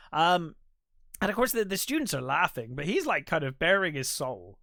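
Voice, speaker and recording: Bright, slightly high man recapping a film. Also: very animated, normal speed, vocal fry, no echo, studio quality. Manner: rambling retelling with many fillers and restarts. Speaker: podcast co-host. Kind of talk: casual film recap chat.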